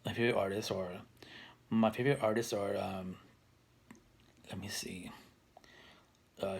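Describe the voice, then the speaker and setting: A man in his thirties talking to camera for his own video channel, rambling with many restarts and fillers. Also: lowish voice. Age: 30s. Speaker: vlogger. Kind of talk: casual talk to camera.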